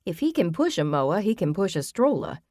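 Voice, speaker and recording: A woman reads as a theatrical, attention-loving man sharing a snarky list with his friends, his delivery hammy and dry-sounding. It is an audiobook character voice, close and low-pitched. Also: big pitch swings, a little fast, warm tone, no room sound. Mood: amused. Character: chatty showman man reading aloud to friends.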